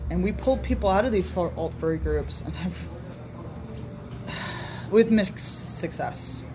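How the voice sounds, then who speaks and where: A woman's voice: lowish voice, unhurried, noisy background. A woman being interviewed, telling a story in a candid, casual way and acting out the dialogue she quotes.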